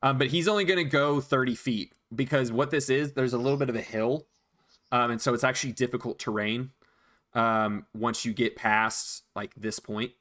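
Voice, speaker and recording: A man's voice: medium pitch, fairly even intonation, moderate pace, a bit bright. Guy running a dnd session, patient, talks players thru the rules. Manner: patient, explains rules, counts out movement. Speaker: dungeon master. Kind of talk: narrating a tabletop game.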